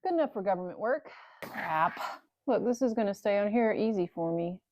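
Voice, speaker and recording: A woman's voice: medium pitch, lively intonation, moderate pace, a little mellow, dry recording. Muttering, sarcastic woman in a cold garage. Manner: muttering, cursing and sarcastic to herself. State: cold, struggling with hands. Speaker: motorcycle vlogger. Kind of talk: casual talk-to-camera while working.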